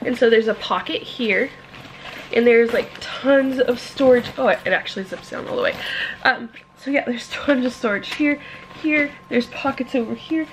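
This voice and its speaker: A woman's voice: fairly high pitch, normal speed, a little hiss or hum, low-quality recording. A young woman vlogging an unboxing in a casual, gushing way, full of "like" and "you guys", and close to tears at times. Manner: gushing, excitable, fills talk with "like" and "you guys"; emotional, near tears at times.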